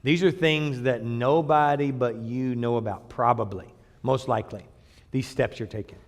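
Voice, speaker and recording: A man preaching a sermon in a blunt, emphatic way, swinging between loud bursts and quiet asides. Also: mid-range voice, moderate pace, long reverb tail. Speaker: pastor.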